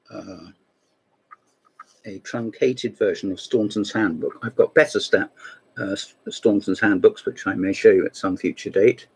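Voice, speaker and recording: A man's voice: lowish voice, unhurried, breathy edge, poor audio. A man hosting a casual show-and-tell video series, talking in a rambling way with wry asides. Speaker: host of a chess book video series.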